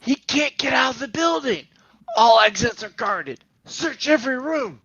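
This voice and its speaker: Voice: high voice, a little slow, fairly bright tone, breathy edge, no echo, muffled recording, heavily acted. A reader voicing a police chief and sub crew who bark orders, in a casual comic read-aloud. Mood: commanding.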